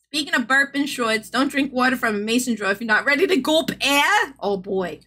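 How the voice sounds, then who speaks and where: A woman's voice: high-pitched, animated, fairly quick, sharp tone. A woman streamer from the American South chatting casually with her audience, giggling often and swearing freely. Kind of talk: casual live-stream chat.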